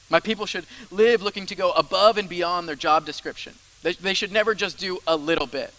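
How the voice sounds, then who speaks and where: A man's voice: high voice, sharp tone, rough recording. A man preaching a sermon as the church's pastor, in a conversational style with asides and repeated phrases.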